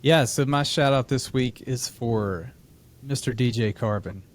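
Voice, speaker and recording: A man co-hosting a podcast, with a Midwestern American accent, telling a story in a relaxed way and laughing easily. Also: medium pitch, unhurried. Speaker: podcast co-host. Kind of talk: casual podcast chat.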